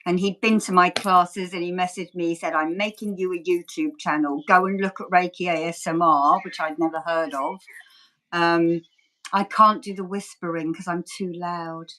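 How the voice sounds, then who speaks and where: A woman with a lowish voice, steady tone, normal speed and a pushed, bright quality joins a video call as a guest. An ASMR creator and Reiki healer, she laughs often, pokes fun at herself and rambles through a relaxed interview chat.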